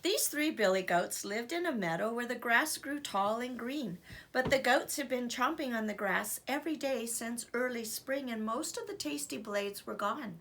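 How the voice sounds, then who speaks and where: A woman teacher reading a storybook aloud to children in an expressive, animated way. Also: on the high side, normal speed, slight background noise.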